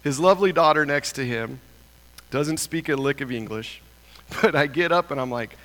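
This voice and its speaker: A man tells a funny, self-mocking story to a congregation, with lively energy. His voice sits a bit high and rises further as he gets excited. A long reverb from a large hall trails each phrase. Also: moderate pace. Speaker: church speaker. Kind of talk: animated storytelling talk.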